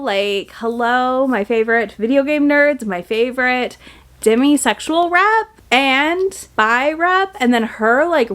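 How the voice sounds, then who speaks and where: A young woman chatting casually and enthusiastically in a book haul video, gushing with lots of fillers. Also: medium pitch. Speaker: book vlogger.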